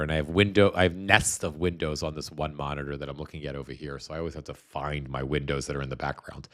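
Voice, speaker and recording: A man's voice: extremely low pitch, a bit bright. A man hosting a live stream, talking bluntly and scornfully, with many restarts as he explains things at his computer. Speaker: show host.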